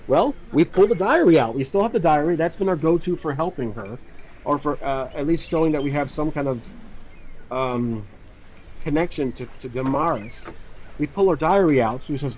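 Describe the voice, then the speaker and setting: A man's voice: fairly high pitch, animated, moderate pace, a little mellow, slight background noise. A man narrating his own solo tabletop game, thinking aloud and often restarting, on a dull lo-fi recording.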